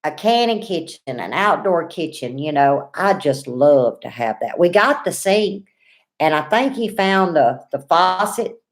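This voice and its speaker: A woman's voice: fairly low pitch, lively intonation, a little slow. A woman, in her forties, hosting a casual livestream, chatting folksy and greeting viewers by name while reading comments. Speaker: livestream host.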